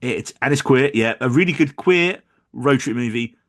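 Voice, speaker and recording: A man's voice: medium pitch, expressive, normal speed. A man co-hosting a podcast, chatting casually about films in a jokey way and tripping over names. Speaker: podcast co-host. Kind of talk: casual film review chat.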